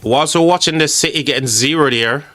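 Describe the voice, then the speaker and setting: A man hosts a live game stream in a fairly high, quick, pushed and bright voice, chatting and joking with his viewers and calling them mate. It's casual live commentary on the game, with faint music playing behind him.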